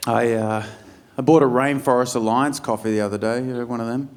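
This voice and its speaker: A man's voice: fairly even intonation, fairly quick. A man in his forties with an Australian accent, doing blunt, sweary stand-up comedy in a large venue. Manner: blunt, swearing, jumps into loud high-pitched bits. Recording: live stage recording with audience noise.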